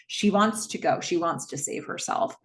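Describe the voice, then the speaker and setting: A young adult woman casually recapping a horror movie plot, slowing down for the dramatic beats. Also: fairly low pitch. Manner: expressive storyteller, slows for dramatic moments.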